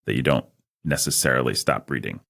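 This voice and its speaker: A man's voice: rumbling low, a little fast, creaky, fairly bright tone. A man co-hosting a podcast, chatting casually about books, rambling with restarts. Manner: rambling, restarts, reads patron names. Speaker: podcast co-host. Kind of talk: casual book discussion.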